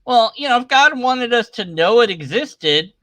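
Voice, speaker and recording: A man's voice: very high-pitched, lively intonation, normal speed, fairly bright tone, dry recording. A man giving casual, sarcastic commentary as he reads scripture aloud at his computer. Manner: sarcastic, irreverent. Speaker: atheist commentator. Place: at his computer sharing his screen.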